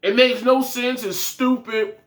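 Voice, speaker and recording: Profane ranting man, bright and high. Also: steady tone, measured pace. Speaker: wrestling podcast host. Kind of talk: casual opinionated review.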